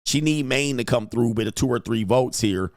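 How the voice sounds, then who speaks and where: A young man hosts a casual live stream, thinking out loud with a quick, excitable delivery. His voice sits at a middle pitch and sounds dry and close, with little room sound around it. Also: no room sound. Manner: thinks aloud, excitable, laughs often. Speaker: livestream host.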